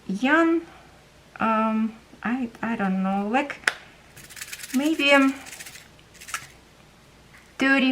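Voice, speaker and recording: A woman from Ukraine with a Ukrainian accent, a craft vlogger casually telling a story while she organizes, pausing often as she searches for words. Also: mid-range voice, a little hiss or hum, low-quality recording.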